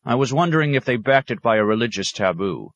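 A man voicing a clever male scholar who speaks in a courteous, measured, diplomatic way. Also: medium pitch, lively intonation, fairly bright tone, no room sound, pitched above the performer's own voice. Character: polite, clever male scholar, a traveling outsider.

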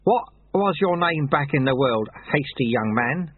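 A cheerful, amiable little old monk sweeper, as a man puts him on in a storybook reading. His voice sits high and bounces around a lot, unhurried and gently teasing. The sound is thin and tinny, like a phone line. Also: animated, husky, no echo.

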